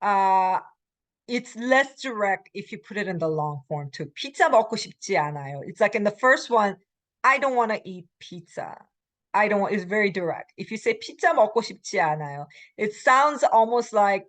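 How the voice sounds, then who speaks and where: A woman's voice: mid-range voice, animated, brisk, fairly bright tone. A woman professor giving a recorded language lecture. She explains with many fillers and acts out example phrases. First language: Korean. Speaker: college Korean language professor.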